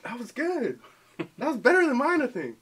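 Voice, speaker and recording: A young man co-hosting a casual accent challenge video, playful and quick to laugh. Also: extremely high pitch, very animated, fairly bright tone, breathy edge. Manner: playful, laughs often, tries silly accents. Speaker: YouTube co-host.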